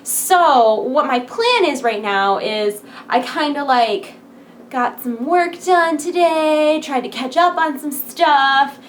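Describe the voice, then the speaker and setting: A woman vlogger talks casually to her viewers in a fairly high voice, peppy and rambling, with frequent giggles. She sounds wired on coffee in the small hours. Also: a bit bright, a little hiss or hum. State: wired on coffee late at night. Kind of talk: casual chat to camera.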